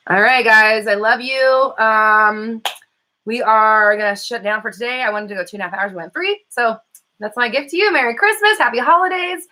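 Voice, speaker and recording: A bright-voiced woman talks fast in a loose livestream chat, running as a coach and host. Her talk is chatty and full of "um"s, with the odd swear word thrown in. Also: mid-range voice, poor audio. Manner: fast-talking, self-described; chatty, frequent fillers and swearing. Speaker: law of attraction coach and host. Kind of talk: casual livestream chat with viewers.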